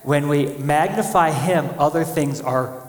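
A man preaching a sermon as pastor, animated, acting out quoted voices as he speaks. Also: a little high, measured pace. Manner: animated, acts out quotes of God and people. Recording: echoey church hall.

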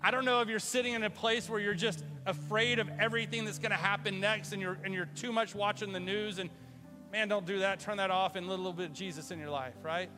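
A male pastor giving a livestreamed sermon in a casual, animated way, swinging from loud exclamations to hushed, near-whispered storytelling. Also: sits high, fast, music in the background.

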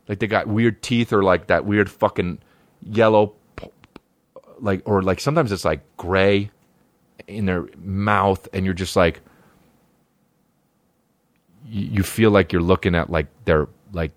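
Male podcast comic, lowish voice, rambling profane riffs, dry close sound. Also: normal speed, pauses often, no echo. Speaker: comedian podcast host. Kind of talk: casual comedic monologue.

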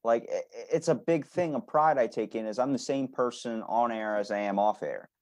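A man's voice: mid-range voice, normal speed, darkish tone, no echo. A man hosting a podcast who talks bluntly, gives strong opinions and swears freely. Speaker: podcast host. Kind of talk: casual conversation.

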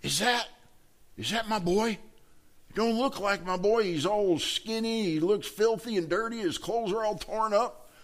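A man's voice: high voice, measured pace, pitched above the performer's own voice. A male preacher voicing a father who spots his long-lost son coming home, full of wonder. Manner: wondering, rising to a joyful cry.

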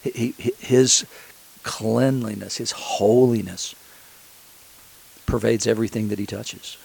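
Low, gravelly-voiced male preacher. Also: steady tone, takes it slowly, a little mellow, poor audio. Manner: conversational storytelling with frequent restarts. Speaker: pastor. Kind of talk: sermon.

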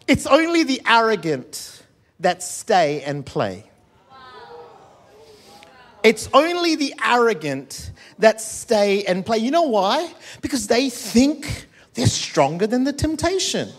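A man's voice: high-pitched, animated, a little slow, a bit bright. A male pastor preaching a sermon, urging the congregation with call and response and joking asides.

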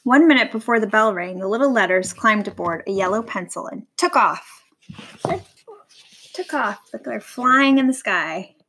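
A woman reading a picture book aloud to a young child, gentle and warm, stopping to ask the child questions. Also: medium pitch, expressive, normal speed, slightly rough, rough recording.

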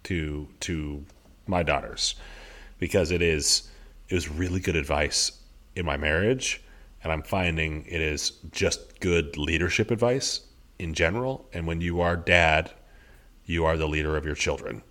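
Low-voiced earnest father on a podcast. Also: unhurried, pushed and bright. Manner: earnest, reflective, many restarts. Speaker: podcast co-host. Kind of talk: casual conversation.

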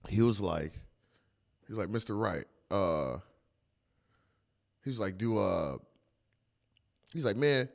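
A young adult man who works as a teacher chats casually on a podcast, telling loose stories, acting out quotes and laughing often. His deep voice is animated, slow, gravelly and a little mellow, with frequent pauses.

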